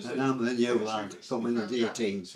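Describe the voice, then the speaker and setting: At a moderate pace and with a steady, medium-pitched tone, an older English man with a Sunderland accent tells his life story in an interview amid crowd noise. He hesitates a lot, restarting sentences and filling pauses.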